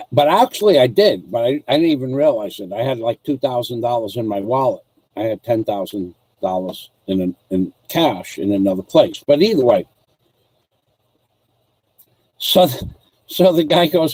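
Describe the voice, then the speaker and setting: A man on a casual livestream, wandering through a long story in a mid-pitched voice that sits close and dry on the mic. He trips over his own sentences, doubles back on details and slips in asides to his viewers as he goes. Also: animated, moderate pace, a little mellow, no room sound, poor audio. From United States. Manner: rambling storyteller, restarts and asides. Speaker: vlogger.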